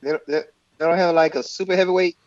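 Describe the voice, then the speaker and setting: A man's voice: fairly high pitch, fairly even intonation, fast, dry recording, muffled recording. A man co-hosting a casual combat sports podcast, wry and full of questions. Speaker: podcast co-host.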